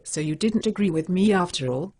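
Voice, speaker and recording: Synthetic female voice doing a stubborn cat heroine, husky, lively pitch, blunt, animated dialogue. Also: brisk. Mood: defensive. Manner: plain, blunt, defensive. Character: stubborn bacon-loving female cat superhero.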